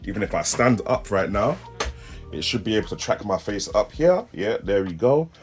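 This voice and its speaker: A tech reviewer, a young man with a South East London accent, demos a webcam to camera in casual slang, laughing and joking along the way. His voice is lowish and very animated at a normal speed. Soft music plays in the background.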